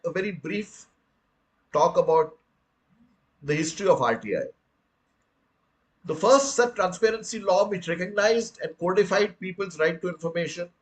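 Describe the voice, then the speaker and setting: Older Indian-accented man, fairly high-pitched for a male, earnest lecturer who speaks to the audience as friends. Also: poor audio. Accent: Indian English. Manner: earnest, rhetorical, addresses listeners as friends. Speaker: guest speaker. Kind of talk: public lecture.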